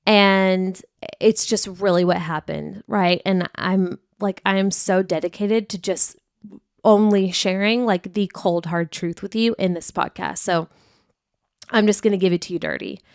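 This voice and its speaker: A young woman talks straight into a close podcast mic with a smooth, clear voice and a dry, close sound. She speaks frankly and with feeling, and she acts out her own past outbursts as she tells the story. Her pitch sits in the middle for a woman. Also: fairly even intonation, measured pace, no echo. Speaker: podcast host. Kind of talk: candid confessional podcast monologue.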